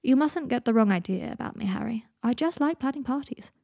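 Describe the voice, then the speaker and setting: A woman's voice: on the high side, lively intonation, fairly quick, vocal fry, a little mellow, dry recording, pitched above the performer's own voice. Woman reading as Draco, a wry young wizard. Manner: dry, theatrical wit. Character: sardonic, dying young wizard man.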